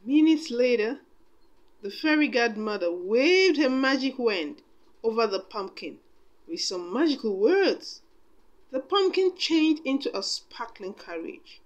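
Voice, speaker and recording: Woman storyteller reading aloud: slow, very lively intonation, chatty asides. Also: a little high, lo-fi sound. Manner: expressive, with chatty asides to listeners.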